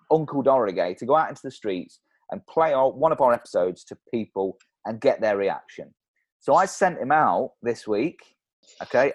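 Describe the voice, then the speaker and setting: A man's voice: mid-range voice, dry recording. Laughing rambling male podcast co-host. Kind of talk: casual chat.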